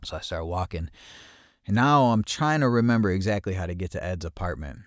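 A man with a very low, deep voice recounts a story in a loose, conversational way, swearing often and stumbling back over his words. The sound is close and dry, with no room around it. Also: lively intonation, fairly quick, no echo. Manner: profane, with frequent restarts and repeated words; grows louder and higher at tense moments. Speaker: podcast host telling a personal story. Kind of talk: casual first-person storytelling.

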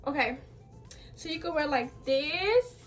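A young adult fashion vlogger with a high, fairly bright voice talks at a moderate speed through a DIY clothing tutorial. Breathy and chatty, she peppers it with "like" and "y'all," and the audio comes from a distance off the mic, faint music underneath.

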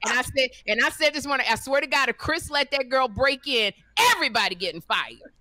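A middle-aged woman hosting a podcast, telling stories in a lively, animated way and acting out what people said. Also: on the high side, normal speed, no room sound. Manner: animated storyteller, acts out quotes. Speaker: podcast host. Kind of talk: casual chat, storytelling.

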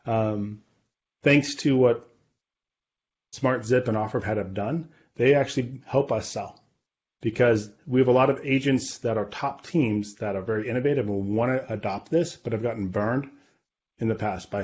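A man's voice: lowish voice, normal speed, darkish tone, muffled recording. A man on a podcast confidently explaining his business figures, often checking in with "right?" and "okay". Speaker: guest, real estate data company leader.

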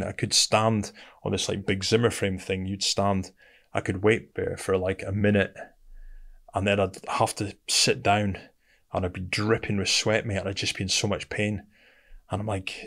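A middle-aged man with a British accent speaks in a low, gravelly voice. He tells his story bluntly and casually, like a chat with a friend, and keeps calling the listener "mate". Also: level tone, moderate pace, a bit bright. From Britain. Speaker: guest, military veteran.

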